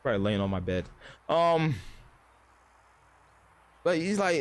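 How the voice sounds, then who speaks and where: A man's voice: high-pitched, sing-song, moderate pace, long pauses, fairly bright tone. Rambling, profane streamer man in his thirties. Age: 30s. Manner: rambling and profane, acting out voices mid-story. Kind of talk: casual livestream chat.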